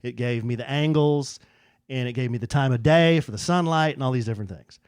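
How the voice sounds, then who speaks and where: A man co-hosting a podcast tells a story in casual chat, acting out the quoted dialogue. His medium-pitched voice is brisk, darkish, clear, and resonant, recorded dry in studio quality.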